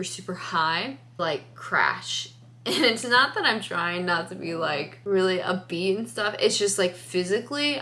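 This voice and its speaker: A woman's voice: lowish voice, pushed and bright, slight background noise. Tired young woman, chatty vlog ramble. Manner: chatty, rambling, frequent "like" fillers. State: tired and sleepy. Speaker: crochet vlogger. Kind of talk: casual vlog talk to camera.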